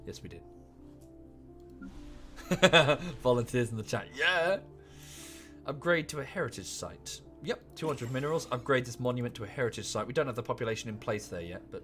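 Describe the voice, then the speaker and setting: Male streamer, casual and rambling desk-mic commentary, mid pitch, soft music bed. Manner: chatty and rambling, with offhand asides. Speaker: game streamer.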